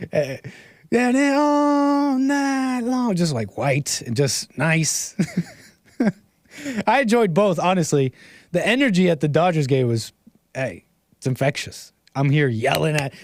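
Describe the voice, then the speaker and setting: A rambling, animated American man hosts a casual livestream. His voice sits somewhat high for a man, and the sound is dry and close to the mic with no room echo. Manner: rambling and animated, laughs often, reads chat aloud. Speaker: livestream host.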